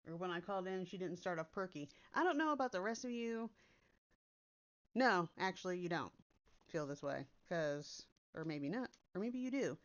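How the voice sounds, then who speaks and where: A woman content creator chats casually, blunt and direct, swearing casually. Her voice is on the high side with a clean tone. She's recording on a computer's built-in mic instead of her usual microphone, giving a dull, lo-fi sound.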